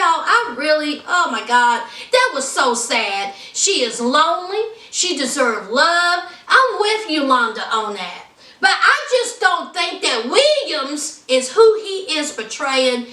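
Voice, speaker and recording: This high, bright, forceful female voice belongs to a podcast host recapping a reality show with plenty of sass and chatter, speaking right to her listeners. The audio feels roomy and distant from the microphone.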